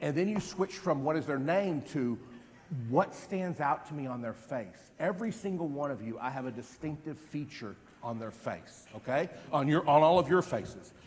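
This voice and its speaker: A man in his fifties giving an energetic live stage demonstration as a memory trainer, quizzing the audience with repeated questions. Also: a little high, moderate pace. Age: 50s. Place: large event hall. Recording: long hall reverb.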